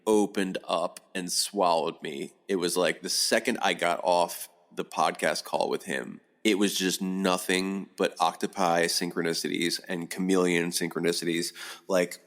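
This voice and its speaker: A middle-aged man, a podcast guest, telling a long rambling story in casual talk, animated and swearing often. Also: low voice, measured pace.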